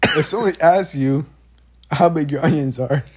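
A man's voice: on the high side, moderate pace, husky. A man telling a funny story in casual chat, swearing a lot and acting out what people said. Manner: animated, laughing, acts out quotes, swears a lot.

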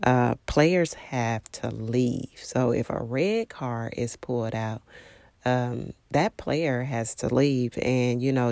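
A parent telling a devotional story in a rambling, halting way, full of fillers and restarts. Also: medium pitch, vocal fry, a little mellow, no echo. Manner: acts out quoted remarks in a raised voice.

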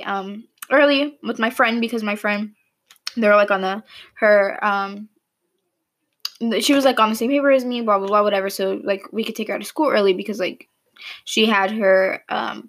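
A young woman telling a casual storytime to camera in a chatty, animated way, acting out what her teachers said. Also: mid-range voice, normal speed. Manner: chatty, animated, mimics teachers in quoted lines. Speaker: vlogger. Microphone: camera mic, speaking to camera.

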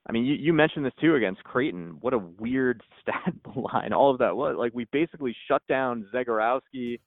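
A man's voice: medium pitch, dry recording. A man co-hosting a podcast in casual sports chat, rambling with many restarts. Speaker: podcast co-host. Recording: tinny phone-like line.

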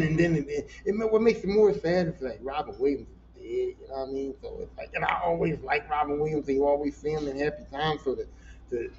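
A man with a high voice hosts a casual solo podcast, telling stories in an animated, profane and emotional way. The recording sounds dull and lo-fi, with a faint hiss behind him. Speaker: podcast host.

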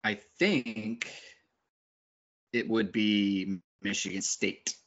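A man's voice: on the low side, steady tone, very slow, fairly bright tone, muffled recording. A man co-hosting a casual sports podcast, chatty and explaining things step by step. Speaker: podcast co-host.

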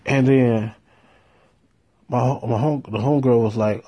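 A man telling a profane story in a laid-back way, with deadpan punchlines. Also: medium pitch, measured pace, long pauses, slightly rough. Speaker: storyteller host.

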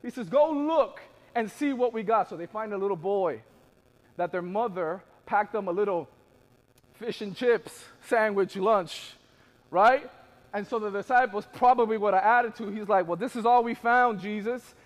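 A man preaching a sermon, building from quiet asides to shouted peaks and acting out the voices of biblical people in casual modern speech. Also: high-pitched, normal speed. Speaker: pastor.

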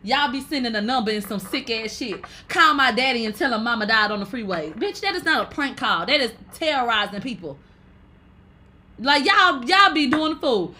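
Brash, bright high-voiced woman streamer. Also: expressive, normal speed, slight background noise. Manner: brash and profane, laughs loudly often. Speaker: livestream host. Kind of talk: casual livestream chat reading viewer comments.

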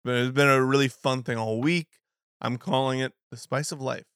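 A man's voice: medium pitch, steady tone, normal speed, a bit bright, smooth, dry recording, studio quality. A man co-hosting a podcast in casual chat, joking with his co-host and reading a sponsor plug. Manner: jokey, reads the sponsor plug and teases.

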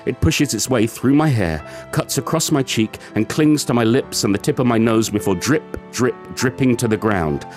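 A man's voice: mid-range voice, normal speed, few pauses, a little mellow, faint music behind, lightly acted. A man reading as a wounded shape-shifting being. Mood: pained, dazed. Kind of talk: dramatic book excerpt reading.

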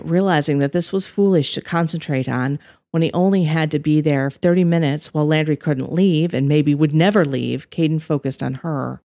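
A woman narrating a story as its author, in an even, measured reading. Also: low voice, no echo, studio quality.

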